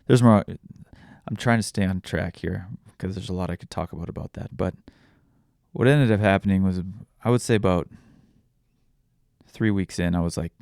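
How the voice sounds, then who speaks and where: A young man hosting a podcast, frankly telling a personal story with frequent swearing and halting restarts. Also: sits low, vocal fry, a little mellow, clean tone, no echo, clean studio sound. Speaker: podcast host.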